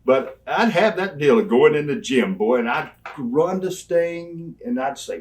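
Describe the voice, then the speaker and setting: A man's voice: medium pitch, a little slow. Folksy older man. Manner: animated, folksy, laughs through stories. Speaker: interview guest. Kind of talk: storytelling in a sit-down interview.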